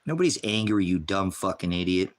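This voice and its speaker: A man's voice: low voice, lively intonation, a little fast. A middle-aged man ranting on a livestream, heated, profane and confrontational, lecturing his viewers and the chat directly. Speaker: livestream host. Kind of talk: livestream rant.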